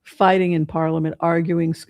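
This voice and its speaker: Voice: medium pitch, level tone, normal speed, darkish tone, no echo, studio quality. A tarot reader hosting a casual livestream, chatting in a rambling, hesitant way with lots of fillers and restarts, adding incredulous asides.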